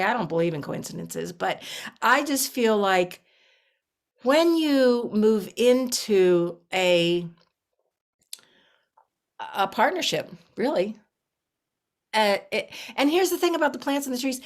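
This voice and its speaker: A middle-aged woman talks as an interview guest, spinning a personal story. She acts out the people in it with lively voices and often restarts her sentences as she goes. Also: fairly high pitch. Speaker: herbalist guest.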